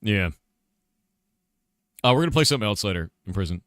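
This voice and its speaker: A man's voice: fairly low pitch, brisk, no echo, clean studio sound. A man, a game developer, talking casually with his livestream chat. He asks viewers questions, muses aloud and breaks into emphatic outbursts. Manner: animated, with sudden emphatic outbursts.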